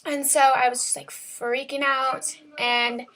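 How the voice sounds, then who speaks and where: A woman's voice: high-pitched, little pitch movement, slow, sharp tone. A teenage girl vlogging, telling a story in a rambling, chatty way full of "like" and "um", recorded at home on a camera mic. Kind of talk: casual storytelling vlog.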